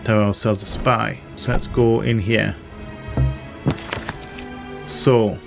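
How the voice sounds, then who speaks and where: A man's voice: lowish voice, steady tone, slow pace, creaky. A man casually commentating a game he plays, thinking aloud and reading in-game text with wry asides. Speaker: gaming channel host. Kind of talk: casual let's-play commentary. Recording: game music playing behind. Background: game music.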